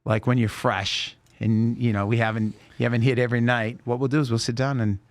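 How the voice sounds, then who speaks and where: Male podcast host, middle-aged, lively slangy storyteller, dry close sound. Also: mid-range voice, a little fast, no room sound. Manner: animated storyteller, slangy, acts out quotes. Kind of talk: casual chat.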